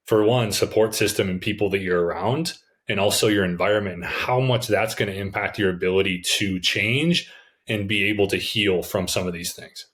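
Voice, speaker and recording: A man hosting a podcast, talking in a relaxed, enthusiastic way with lots of casual fillers. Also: deep voice. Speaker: podcast host.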